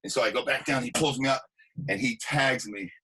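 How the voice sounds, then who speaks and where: A man, an actor and stuntman, telling animated anecdotes in a casual interview, acting out quotes. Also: mid-range voice, brisk, slight background noise, low-quality recording.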